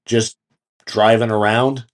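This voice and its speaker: A man's voice: fairly low pitch, level tone, slow pace. A man co-hosting a casual podcast, joking around and swearing casually as he wraps up the episode. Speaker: podcast co-host. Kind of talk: casual chat.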